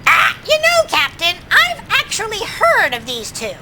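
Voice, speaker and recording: A woman voicing an eager, cheeky pirate crew sidekick who opens lines with a drawn-out "ah". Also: extremely high pitch, huge pitch swings, heavy background noise, heavily acted. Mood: excited.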